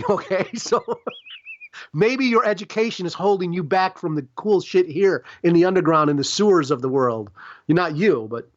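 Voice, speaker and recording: A man's voice: sits high, lively intonation, moderate pace, muffled recording. A man from Chicago, a guest on a podcast interview, talking in a rambling, emphatic and profane way. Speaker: guest artist.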